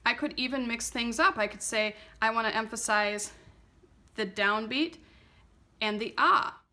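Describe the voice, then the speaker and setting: A woman teaching a music lesson, explaining a playing exercise step by step in a clear, methodical, patient way. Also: fairly high pitch, a little slow, pushed and bright. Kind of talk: instructional explanation.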